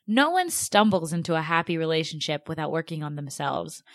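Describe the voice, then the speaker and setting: A young woman co-hosts a casual podcast, chatty and sarcastic, saying "like" constantly and dropping dry asides. Her voice is low and sing-song, a little fast with few pauses, and there's no echo.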